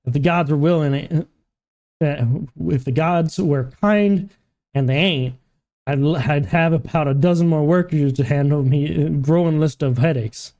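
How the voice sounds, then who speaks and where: A man voicing a gruff, overworked male dockside foreman who speaks in rough, old-fashioned dialect while reading game dialogue aloud. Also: a little high, normal speed, darkish tone, natural voice. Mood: grumbling.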